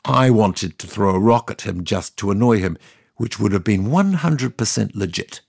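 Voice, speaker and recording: A sardonic, talkative God tells his side of the story in a comic audio fiction. The voice is gravelly and a little husky, and the pitch swings around lively as he tells it. The recording is dry and close. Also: normal speed, no echo, heavily acted. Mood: wry. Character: God, ancient male deity, wry and chatty. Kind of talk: scripted comic monologue.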